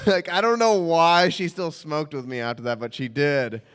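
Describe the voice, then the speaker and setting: Give me a young man with a high, smooth voice telling a self-mocking comic story live on stage. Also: normal speed. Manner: animated, self-mocking, laughs often, trailing fillers. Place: stage in a hall before an audience. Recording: reverberant stage hall.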